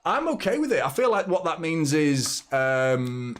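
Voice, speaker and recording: With a fairly high voice that swings widely in pitch, a man in his thirties hosts a football watchalong stream at an unhurried pace. He rambles casually and reads out the super chats viewers send in.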